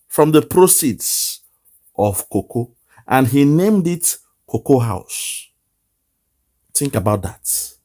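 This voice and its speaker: A man's voice: on the high side, a little mellow. A man with a Nigerian accent giving impassioned political commentary, lamenting and repeating phrases for emphasis. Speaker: online commentator.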